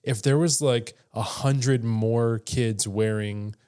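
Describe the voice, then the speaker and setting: A man co-hosting a podcast in relaxed casual chat, filling his talk with "like" and "dude". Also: medium pitch, slow, clear, resonant tone. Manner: relaxed, chatty, says "dude" and "like" a lot. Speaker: podcast co-host.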